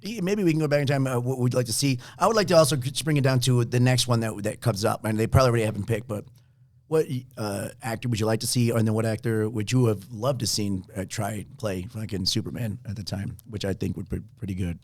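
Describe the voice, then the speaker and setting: A man's voice: fairly low pitch, steady tone, quick pace, darkish tone, no echo, clean studio sound. A man co-hosting a casual podcast chat, rambling with lots of fillers and frequent laughs. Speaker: podcast co-host.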